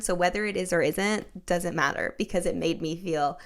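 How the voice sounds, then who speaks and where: Low, gravelly young woman chatting. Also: moderate pace. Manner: chatty storytelling with many likes and you-knows. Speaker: podcast host. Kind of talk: casual conversational interview.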